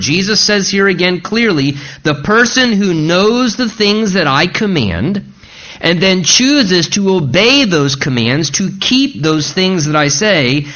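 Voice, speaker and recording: A male pastor preaching an expository sermon, slowing down deliberately when he reads scripture aloud. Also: on the high side, fairly bright tone, highs cut off. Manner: slows to read scripture aloud.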